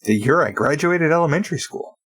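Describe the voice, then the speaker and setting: A man's voice: fairly high pitch, animated, brisk, fairly bright tone, husky. A man in his thirties co-hosting a podcast, with a wry, dry sense of humor, chatting and reading announcements. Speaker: podcast co-host. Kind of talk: casual chat and read announcements.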